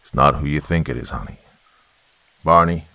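A man's voice: extremely low pitch, lively intonation, moderate pace, bright, forceful tone, dry recording, heavily acted. A man voicing a stern father giving curt, commanding warnings. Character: stern protective father with a rifle.

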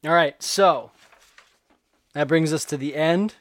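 A man co-hosting a movie podcast in casual chat, relaxed and agreeable, with some easy teasing. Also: a little high, slow, no echo.

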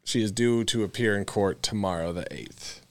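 A man's voice: lowish voice, moderate pace, a little hiss or hum. A man hosting a casual comedy podcast, reading news bits aloud and joking around in a profane, offhand way. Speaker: podcast host.

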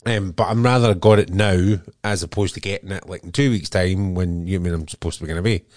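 A man's voice: low voice, fairly quick, darkish tone, no echo, clean studio sound. A man with a Scottish accent co-hosting a podcast in an easygoing casual chat, full of "um". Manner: easygoing, peppered with "um". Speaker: podcast co-host.

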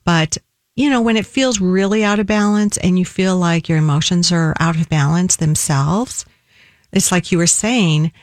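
A woman nutritionist co-hosting a radio show, explaining in a measured, steady way. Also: fairly low pitch, no echo, clean studio sound. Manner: measured, warm explaining, slows down for phone numbers. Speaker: nutritionist co-host.

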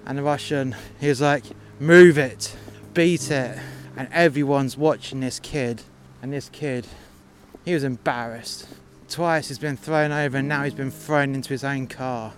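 A man's voice: medium pitch, steady tone, normal speed, a little hiss or hum. A man telling a work story in a blunt, mocking, profane way. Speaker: podcast storyteller. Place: outdoors in freezing cold.

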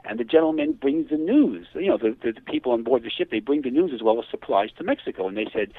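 A man being interviewed as a hypnotherapist guest, telling cases in a lively way and acting out the quoted speech. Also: medium pitch, quick pace, few pauses, no room sound. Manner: animated, acts out quoted dialogue. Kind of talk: phone interview storytelling. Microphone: telephone. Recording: tinny dry phone line.

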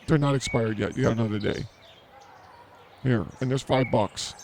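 Gravelly man teasing outdoors. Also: mid-range voice, moderate pace, pauses often, a little mellow, slight background noise. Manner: teasing, mock-outraged, rambling. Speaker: podcast host. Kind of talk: improvised comedy banter. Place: outdoors at a zoo.

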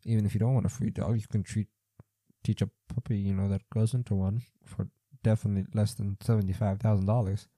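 Rambling incredulous man, dark dry voice. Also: fairly low pitch, little pitch movement, quick pace, dry recording. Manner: rambling, incredulous, thinks aloud with many fillers. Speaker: podcast host. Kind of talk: casual commentary reading news stories aloud.

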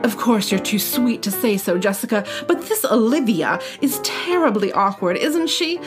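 Woman doing a snobbish rich society mother, made-up posh accent, slow drawn-out lines, storybook reading. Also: on the high side, animated, music in the background, natural voice. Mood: snooty, scheming. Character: snobbish wealthy middle-aged society mother.

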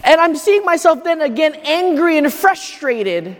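A man's voice: extremely high pitch, sing-song, a little slow, hardly any pauses. A man, a priest, giving a homily at Mass, telling a story in a loose, conversational way as if thinking aloud. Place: church. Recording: echoey church reverb.

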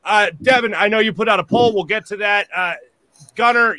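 A male host opening a live post-game show, his voice high and bright. He sounds sarcastic and exasperated about the result, and his sound is dry and close. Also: moderate pace, no echo.

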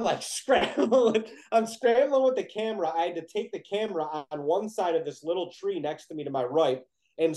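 A young man with a somewhat high-pitched voice recounts a story in a loose, chatty way. He is animated and excitable, and scatters "like" through his sentences. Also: rough recording. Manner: animated, heavy use of "like", excited retelling. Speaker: podcast guest telling a hunting story. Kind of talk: casual storytelling.

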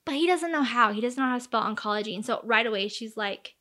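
In an expressive, fast, pushed and bright voice that sits a little high, a woman in her thirties goes through a true crime case. She's casual and chatty, uses lots of fillers, and acts out the quoted dialogue.

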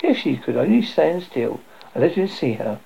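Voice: mid-range voice, very animated, moderate pace, creaky, mellow, slight background noise. A reader doing a curious, earnest young girl. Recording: dull lo-fi recording.

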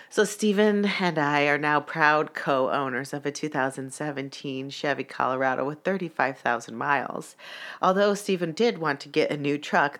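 A woman's voice: deep voice, fairly bright tone. A young woman telling a story in casual, profane vlog style, with many "like" fillers and a voice that gets heated. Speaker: vlogger.

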